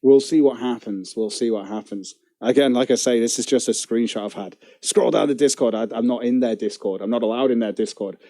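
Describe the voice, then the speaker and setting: A man's voice: medium pitch, fairly quick, hardly any pauses, mellow. A man streaming live and commenting casually in a profane, giggly, mocking way.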